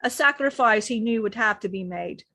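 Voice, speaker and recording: A woman's voice: a little high, normal speed, pushed and bright, no room sound. A woman, a spiritual teacher, who tells a channeled story in an earnest, rambling way. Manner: earnest, rambling retelling with frequent "he said".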